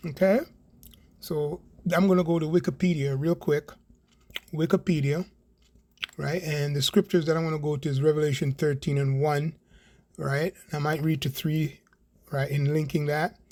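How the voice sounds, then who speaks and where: A man's voice: a little high, fairly even intonation, moderate pace, a little mellow. Emphatic, rambling man preaching prophecy. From Canada. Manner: rambling, repeats words emphatically, asks "right?" often. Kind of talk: online prophecy teaching.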